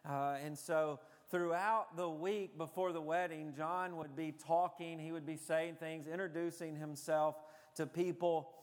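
A man's voice: fairly high pitch, in a large hall. A man preaching a sermon as a pastor, telling stories in a conversational way with frequent fillers.

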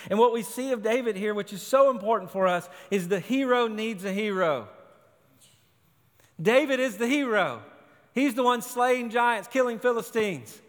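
High-voiced preacher in a reverberant hall. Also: male voice, animated, normal speed. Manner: emphatic, short punchy phrases. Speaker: pastor. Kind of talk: sermon.

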